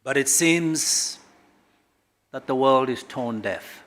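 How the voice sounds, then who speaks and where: A middle-aged man from Kenya, a government guest speaker at a corporate launch, speaks emphatically and swings sharply between loud and quiet. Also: mid-range voice, animated, takes it slowly. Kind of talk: public speech at a corporate launch.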